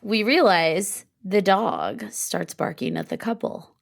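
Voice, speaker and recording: A woman co-host on a laid-back book podcast narrates the story with animation, voicing characters and often laughing between phrases. She speaks slowly in a gravelly, medium-pitched voice, recorded in clean studio sound with no room noise.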